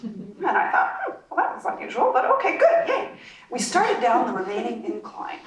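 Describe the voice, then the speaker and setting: High, lively woman telling a story. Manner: dramatic pauses, laughs through the telling. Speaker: club speaker. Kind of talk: personal storytelling speech. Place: club meeting room. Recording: roomy, distant mic, faint noise.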